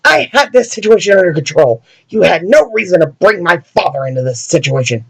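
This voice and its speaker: Brief: a man playing a haughty young boy hero, shrill, squeaky, insulting everyone. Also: very animated, brisk, creaky, breathy edge, exaggerated voice, rough recording. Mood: indignant shouting. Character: arrogant bratty young boy sidekick.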